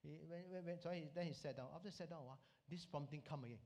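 A Singaporean man with a Singaporean English accent preaches a sermon built on Bible teaching, telling stories animatedly and using local slang. His voice is a little high with a darkish tone, and he talks fast with few pauses.

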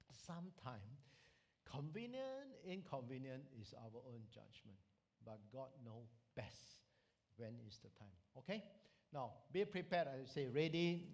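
Singaporean guy preaching, lively storyteller, voice sits a bit high. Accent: Singaporean English. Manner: animated storytelling with local slang and particles. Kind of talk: sermon with Bible teaching.

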